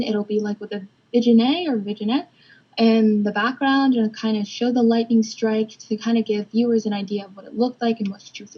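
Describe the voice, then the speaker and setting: A woman's voice: fairly high pitch, dark tone, breathy edge. A young woman presenting a storyboard casually, with many "kind of" and "like" fillers. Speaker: student presenter. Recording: dull lo-fi recording.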